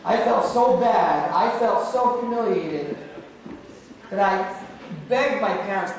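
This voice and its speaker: A man's voice: high-pitched, expressive, a little slow, long pauses. A man who teaches martial arts gives an anti-bullying talk to a school assembly, telling his story, joking and calling out questions to the students. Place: large echoey school hall with student audience. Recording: echoey hall from far off, faint noise.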